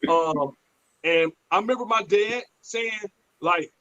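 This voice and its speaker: A man's voice: sits high, slow, muffled recording. A man, telling stories bluntly and profanely in a casual podcast chat. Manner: blunt, profane, animated storyteller.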